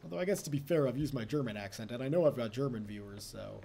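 A man's voice: mid-range voice, fast talker, creaky, dark tone, slight background noise. A young man casually commenting on his strategy game session, chatty and self-mocking, laughing often. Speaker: let's play host.

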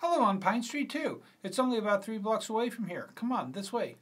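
Male reader voicing an earnest schoolboy, slightly raised pitch. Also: very animated, fairly quick, a bit bright, husky, full character voice. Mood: friendly. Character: teenage schoolboy, eager and earnest. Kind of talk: screenplay reading.

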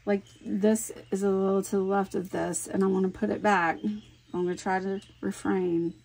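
A woman chatting casually while she works on a scrapbook layout at home. She is animated, thinks aloud and laughs often. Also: mid-range voice, moderate pace, vocal fry. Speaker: scrapbooking vlogger. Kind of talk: casual chat while crafting.

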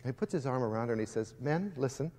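A man's voice: mid-range voice, racing, darkish tone. A man giving an impassioned, preaching-style speech to students, telling stories and speaking directly to his listeners. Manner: emphatic, storytelling, addresses the audience directly. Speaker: guest speaker addressing students. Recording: long reverb of a large hall.

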